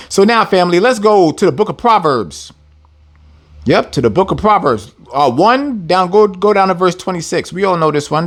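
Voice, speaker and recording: A man giving a casual scripture lesson, talking in an animated, slangy and emphatic way. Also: sits high. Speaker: Bible teacher.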